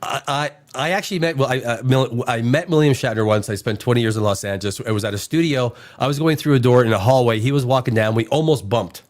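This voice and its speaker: A man's voice: medium pitch, fast, few pauses. A middle-aged man hosting a casual talk show, rambling, restarting his sentences and swearing casually. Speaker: podcast host. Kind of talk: casual chat.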